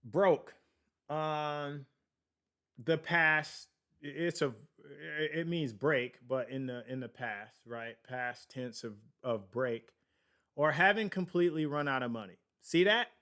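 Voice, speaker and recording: Male podcast host, slow and rambling, a bit high-voiced, talks money with a live chat. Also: sharp tone. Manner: rambling, digressive, laughs at himself; slow, drawn-out delivery with many fillers. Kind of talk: casual finance talk on a livestream.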